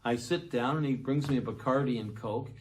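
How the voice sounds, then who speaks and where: An older man tells a story from his days as a musician. He keeps it lively and acts out the voices of the people he meets. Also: medium pitch, fairly quick. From Canada. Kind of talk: anecdotal storytelling.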